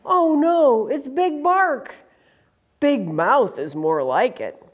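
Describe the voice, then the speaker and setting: A woman's voice: high voice, lively intonation, slow, exaggerated voice. A woman voicing timid little prairie dogs. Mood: alarmed. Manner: nervous, hushed. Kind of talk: read-aloud storybook voice.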